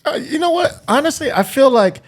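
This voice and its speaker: A man's voice: very high voice, expressive, a little fast. A man guesting on a casual podcast, teasing the hosts playfully and swearing freely.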